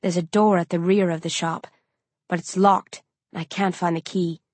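A woman's voice: on the low side, level tone, normal speed, a little mellow, breathy edge, no room sound. A woman reading a tense story aloud in first person, as an audiobook narrator.

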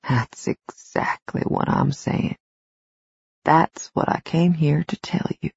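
A woman narrator voicing a remorseful husband in a romance novel, speaking low and earnest. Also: slow, creaky, breathy edge, no echo, full character voice. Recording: slightly dull, dry studio recording.

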